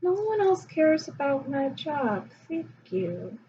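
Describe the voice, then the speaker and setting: A woman's voice: sits high, sing-song, slow, mellow, distant mic, slight background noise, voice pushed up, full character voice. Woman playing a lonely, earnest underworld god. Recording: dull lo-fi recording.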